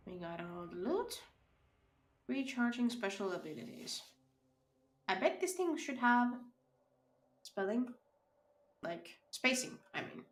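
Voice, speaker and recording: A woman streamer giving casual live commentary while playing, excitable and reacting loudly to the game. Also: fairly high pitch, slow pace, pauses often. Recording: roomy echo.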